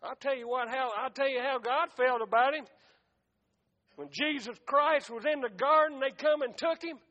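High-voiced fervent male preacher. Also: normal speed, sharp tone. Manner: fervent, punctuated with "amen" and "hey". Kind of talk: sermon. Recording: echoey hall, dull lo-fi sound.

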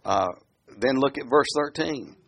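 Male preacher for a sermon read, lively pitch, folksy and questioning, faint hiss under it. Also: gravelly. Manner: animated, asks the listeners questions; reads scripture aloud slowly.

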